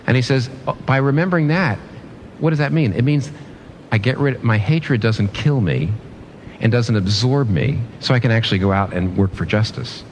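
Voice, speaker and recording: A man's voice: medium pitch, normal speed, a little mellow, a little hiss or hum. A man preaching a sermon in an earnest way, often restarting and repeating phrases for emphasis.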